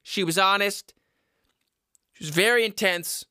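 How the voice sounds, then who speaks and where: A man in his twenties talks to his viewers from home in a loose, crude ramble, restarting sentences and chuckling at his own jokes. His voice sits a little high for a man and sounds bright and tense. The sound is dry and close, with no room echo. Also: measured pace, clean tone. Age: 20s. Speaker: vlogger giving dating advice. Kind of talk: casual rambling monologue to camera.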